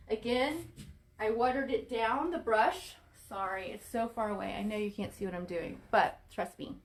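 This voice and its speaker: Her voice is fairly high and fairly bright. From Florida, US, she paints furniture during a casual live demonstration, staying chatty and apologetic as she talks to viewers away from the camera.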